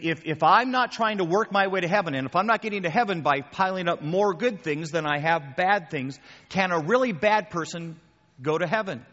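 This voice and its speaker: A man's voice: on the high side, a bit bright. A man preaching casually to a group, taking their questions, repeating key phrases and calling his listeners guys. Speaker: pastor. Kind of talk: sermon with audience questions. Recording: muffled sound with long hall reverb.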